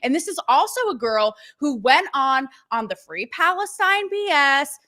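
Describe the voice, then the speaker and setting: Sassy, lively-voiced woman co-host. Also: high voice, moderate pace. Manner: sassy, mocking, rants. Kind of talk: opinionated political chat show.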